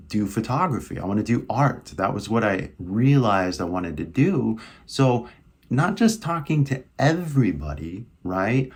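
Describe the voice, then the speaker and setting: A young English teacher with a Californian American accent and a lowish, slightly rough voice talks through a casual lesson. His speech is chatty and loose, crowded with fillers like "like" and "right?"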